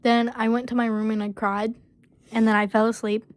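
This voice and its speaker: This vlogger tells a personal story in a relaxed way, her higher-pitched voice delivered flatly with no echo. She stumbles along, relying heavily on "basically" and "um."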